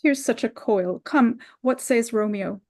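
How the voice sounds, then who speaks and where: A woman's voice: a little high, measured pace, darkish tone. A woman reading the part of a young girl in love, impatient and pleading, in a Shakespeare play reading. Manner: urgent, pleading, rising exclamations.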